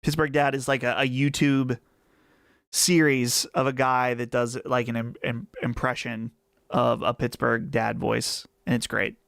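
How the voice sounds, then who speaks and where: Man, Western Pennsylvania accent, livestream host, rambling casual chat, mid-pitched, gravelly edge. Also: flat delivery, a little slow, a bit bright, dry recording, studio quality. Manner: chatty, rambling, easygoing.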